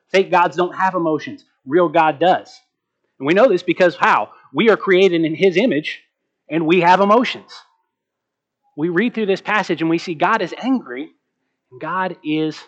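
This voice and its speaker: A man preaching a sermon as pastor, slowing down to stress key words and asking rhetorical questions. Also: sits high, dull audio. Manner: asks the congregation rhetorical questions.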